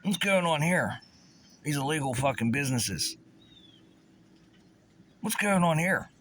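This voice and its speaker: Sarcastic ranting man with a lively, bright voice. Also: a little high, measured pace, a little hiss or hum. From Pittsburgh area. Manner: agitated, sarcastic, stumbling over restarts. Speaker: vlogger. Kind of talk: angry profane rant.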